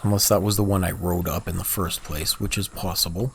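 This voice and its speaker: Low-voiced easygoing male game streamer. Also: fairly even intonation, brisk, creaky, a little hiss or hum. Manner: thinking aloud, easygoing and chatty. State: coughing. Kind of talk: casual livestream chat.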